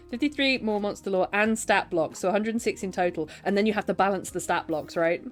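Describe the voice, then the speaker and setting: A woman's voice: medium pitch, fairly quick, soft background music. A woman chatting casually on a live writing stream, answering her chat and laughing often.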